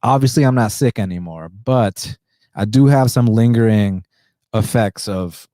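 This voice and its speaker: A podcast host, a man, talking in a subdued indoor voice, short of breath and pausing for deep breaths, blunt and profane. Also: mellow, no room sound, clean studio sound. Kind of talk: casual podcast monologue.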